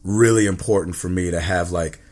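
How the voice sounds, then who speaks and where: A man's voice: low voice, steady tone, fairly quick, a little mellow. A man guest speaking earnestly and reflectively in a casual interview.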